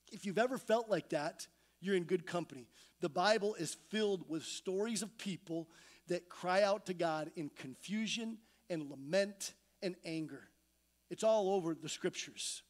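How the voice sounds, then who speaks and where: A man preaching a sermon in a church, his voice pitched notably high for a man. He tells the story with animated energy and slips into voices to act out the scenes. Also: normal speed. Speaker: pastor. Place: church sanctuary.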